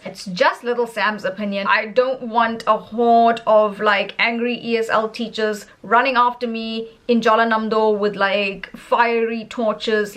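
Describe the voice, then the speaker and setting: Animated South African woman, bright voice. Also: fairly high pitch. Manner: animated, emphatic, laughs often. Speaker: English teacher in Korea. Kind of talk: casual opinion vlog.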